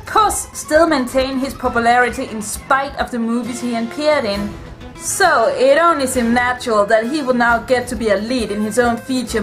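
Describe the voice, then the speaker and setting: A woman putting on a proud masked swashbuckler, put-on Spanish accent, formal deadpan delivery, fairly high voice. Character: grand swashbuckling masked hero, female, proud. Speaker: co-host of a movie review. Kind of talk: comedic movie review in character.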